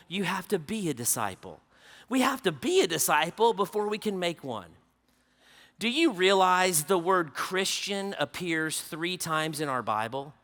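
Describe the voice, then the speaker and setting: Delivering a sermon as a conference speaker, this middle-aged man hammers home his main points by saying them again and again. His pitch sits fairly high and his tone is fairly bright, with long reverb from the hall around him.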